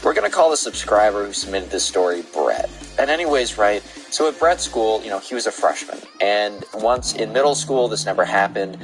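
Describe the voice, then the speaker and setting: A man narrating a submitted story to viewers in a loose, relaxed way with many fillers. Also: fairly low pitch, brisk, hardly any pauses, soft background music, rough recording.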